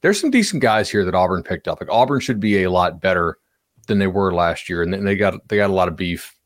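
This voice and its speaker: A man's voice: low-pitched, lively intonation, a little fast, dry recording, studio quality. A man co-hosting a sports podcast, talking in a loose, rambling way with restarts. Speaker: podcast co-host. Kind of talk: casual sports chat.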